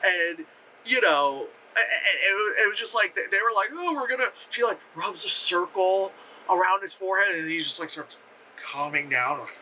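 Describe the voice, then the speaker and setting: A young man recaps a film in loose, profane chatter, full of fillers and excited retellings. His voice sits a bit high and sounds very bright and forceful, with a faint hum behind him. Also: normal speed, low-quality recording. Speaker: movie reviewer. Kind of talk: casual rambling film review.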